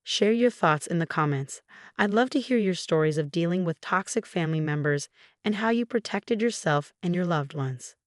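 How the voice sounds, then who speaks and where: A woman narrating a scripted first-person story in a calm, even manner. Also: lowish voice, normal speed, no room sound, clean studio sound.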